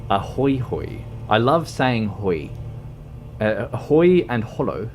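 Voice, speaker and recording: A man chatting slowly on a gaming livestream, his voice sitting a little low. He wanders and hesitates, filling gaps with ums and poking fun at himself, and a faint hum of noise runs underneath. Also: big pitch swings, darkish tone. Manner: rambling and hesitant, full of ums; self-mocking joker who laughs a lot. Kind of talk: casual stream chat while gaming. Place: at home, wearing a fox costume.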